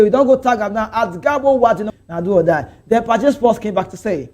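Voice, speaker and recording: A young Nigerian man with a Nigerian accent, hosting a casual football talk stream, chatting and reading out viewer comments, slipping into pidgin. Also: high-pitched. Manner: chatty, animated, drifts into pidgin. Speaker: sports show host.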